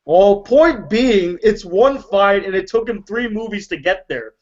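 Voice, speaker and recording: A man's voice: high voice, animated, a little slow, highs cut off. A man hosting a casual movie debate, playful and argumentative, laughing often. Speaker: host.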